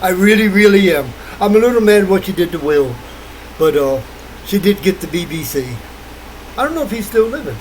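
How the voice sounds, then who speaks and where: A man's voice: high-pitched, lively intonation, fairly quick, a little hiss or hum, rough recording. An older man rambling through a late-night monologue, wandering from thought to thought and laughing often. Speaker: vlogger.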